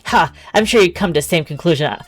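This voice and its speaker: An entitled male customer blusters and complains, voiced by a woman reading a game aloud. He sounds aggrieved and self-important, barely shifted from the reader's own voice. Soft music sits far behind. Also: lowish voice, fast, close to an everyday voice. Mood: indignant. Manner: indignant, blustering. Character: indignant man, an entitled restaurant customer.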